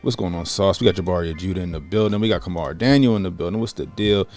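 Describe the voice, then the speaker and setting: A man in his late thirties from Baltimore, hosting a casual livestream, greeting chat viewers and telling a story with lively acted-out quotes. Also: low voice, fast talker, soft background music. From Baltimore, USA. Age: 30s. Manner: animated, acts out quotes, greets chat by name. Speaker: livestream host.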